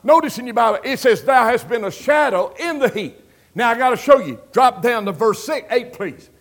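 A middle-aged man preaching a sermon, swinging between hushed storytelling and loud exclamations. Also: very high-pitched, animated, moderate pace.

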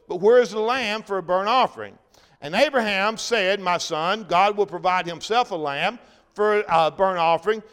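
A man preaching a sermon, reading scripture aloud with short explanations, rising loud on the verses and dropping to a hush on the solemn points. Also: sits high, clean tone, long reverb tail. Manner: reads King James scripture aloud with brief comments, swells loud then drops to a hush. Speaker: pastor.

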